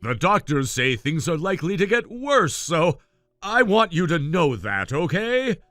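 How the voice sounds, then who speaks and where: A man voicing an ailing father who speaks gently and pleads with his son. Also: a little high, very animated, unhurried, dry recording, full character voice. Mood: pleading. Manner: soft-spoken, pleading. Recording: dry, faint music behind.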